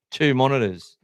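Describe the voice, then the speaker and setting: A man's voice: mid-range voice, no room sound, studio quality. A man with an Australian accent hosting a live sports podcast in a casual, rambling way, poking fun at himself. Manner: chatty, rambling, self-deprecating. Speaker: podcast host. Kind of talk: casual live-stream chat.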